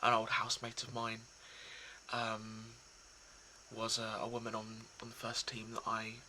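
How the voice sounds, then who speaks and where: A man talking casually and reflectively to his viewers, soft and hesitant, with many pauses and restarts. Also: lowish voice, monotone, slight background noise, rough recording. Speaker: poetry reader.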